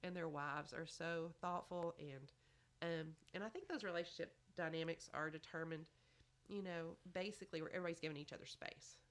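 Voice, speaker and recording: A woman's voice: deep voice, a little fast, a bit bright. A woman giving motherly advice in a chatty podcast conversation, often saying "you know". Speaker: podcast guest. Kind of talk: casual advice chat.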